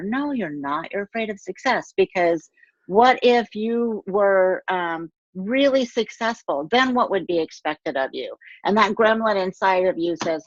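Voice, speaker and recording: Earnest low-voiced woman coach, lo-fi. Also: normal speed, dry recording. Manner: encouraging, earnest. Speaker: guest, empowerment coach. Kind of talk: casual interview chat. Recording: dull, dry lo-fi sound.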